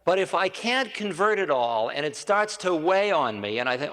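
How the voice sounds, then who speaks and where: A man's voice: fairly high pitch, big pitch swings, moderate pace, fairly bright tone. A man giving a spiritual storytelling lecture in a rambling, conversational way, correcting himself and adding asides. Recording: reverberant 1980 hall recording.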